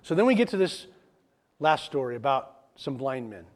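A man giving a conversational sermon as a pastor, plain-spoken and animated, with casual asides. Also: medium pitch, normal speed.

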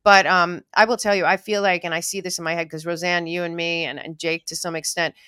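A woman podcast host in political chat, talking emphatically and rising to intense high peaks. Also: level tone, fairly quick, pushed and bright, smooth, no echo, clean studio sound.

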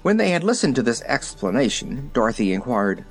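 A storyteller reading a children's fairy tale aloud, lively and expressive. The pitch swings widely from line to line. Faint music plays under the reading. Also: fairly quick, gravelly, few pauses. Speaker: narrator.

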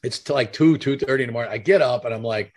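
A man's voice: mid-range voice, quick pace. A middle-aged man co-hosting a podcast, telling loose, profane stories in casual chat, full of "I was like" and "you know". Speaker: podcast co-host.

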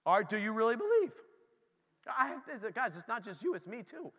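A pastor preaching a lively, conversational sermon in a church, talking straight to his congregation. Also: very high voice, normal speed, slightly rough, in a large hall.

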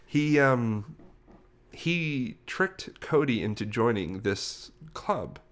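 A man's voice: mid-range voice, lively intonation, drawn-out words. A young man co-hosting a podcast, telling a story in a rambling, self-correcting way. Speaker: podcast host. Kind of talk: casual podcast chat.

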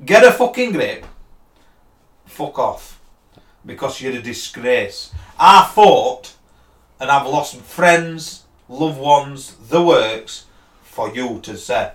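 A man's voice: medium pitch, expressive, slow pace, fairly bright tone. A man, ranting bluntly and swearing a lot in casual chat. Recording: echoey room.

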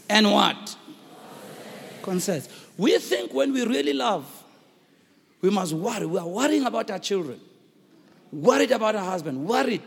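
A South African male pastor with a very high, husky, gravelly voice preaches a fervent sermon. His pitch leaps and swoops as he shouts key lines and calls for answers. The hall rings with long reverb around him. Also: very animated, moderate pace, long pauses. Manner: fervent preaching with shouted emphasis and call-and-response.

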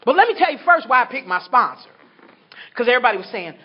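A woman sharing her story with an audience at a recovery meeting, animated and laughing as she talks. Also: a little high, quick pace, husky. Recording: dull recording with a crowd behind.

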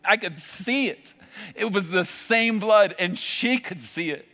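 A male pastor preaching a sermon, telling a vivid story with dramatic pauses. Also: high-pitched, animated, pushed and bright. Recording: long hall reverb with faint music. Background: faint music.

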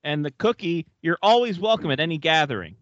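A man's voice: a little high, expressive, a little fast, a bit bright, no room sound. A man hosts a casual chat, cracking jokes and swearing without a second thought. His voice sounds dry and a bit dull, as if recorded on a lo-fi setup. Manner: joking, swears freely. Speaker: podcast host.

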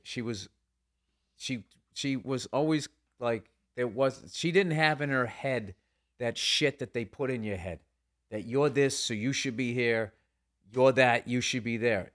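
A man's voice: medium pitch, a little slow. A man talking as a guest comedian in a casual interview, rambling and swearing often as he acts out voices from his stories.

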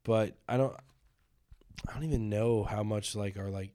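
A man's voice: fairly low pitch, steady tone, normal speed, mellow. A young man in casual podcast chat, laid-back and profane, often trailing off with fillers.

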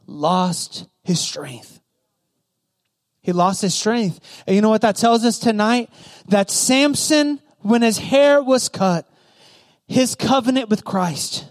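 A young man preaching a sermon to youth, emphatic and repetitive, checking in with the crowd with "right?". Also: sits high.

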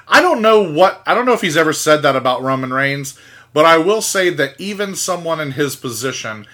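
A man's voice: a little high, expressive, a little fast, bright, forceful tone. A man co-hosting a casual podcast, wry and wordy, addressing the listeners directly. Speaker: podcast co-host.

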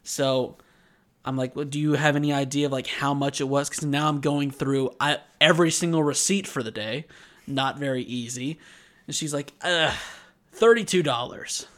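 A man's voice: medium pitch, moderate pace. A man co-hosting a podcast, telling a long anecdote in casual chat and acting out the people in it. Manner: rambling animated storyteller, acts out quotes. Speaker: podcast co-host. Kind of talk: casual chat, anime recap and storytelling.

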